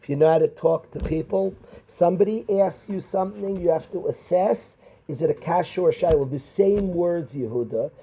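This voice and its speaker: A middle-aged rabbi, teaching a class of students and calling on them by name with questions. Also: male voice, a little high, moderate pace, mellow, breathy edge, rough recording. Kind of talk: Torah class.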